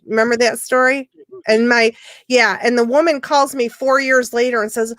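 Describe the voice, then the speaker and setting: A woman's voice: on the high side, fairly even intonation, normal speed, fairly bright tone, dry recording, studio quality. A woman who works as a psychic medium, chatting on an internet radio show and telling rambling, emotional stories full of restarts. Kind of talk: casual radio conversation.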